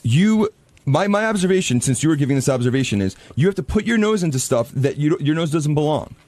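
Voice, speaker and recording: A man's voice: a little high, lively intonation, fast talker, a little mellow, no echo. A man in a heated on-air argument, defensive and talking over the others. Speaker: show staffer.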